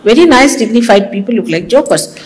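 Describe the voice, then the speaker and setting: A woman's voice: fairly high pitch, animated, fairly quick, low-quality recording. A woman giving a sermon to her followers, teasing and scolding with humor. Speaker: spiritual teacher.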